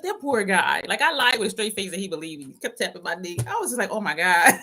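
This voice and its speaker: A woman's voice: on the high side, very animated, rapid-fire, sharp tone, slightly rough. A woman in her fifties, host of a casual livestream, telling a story to viewers, often laughing and reading out comments. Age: 50s.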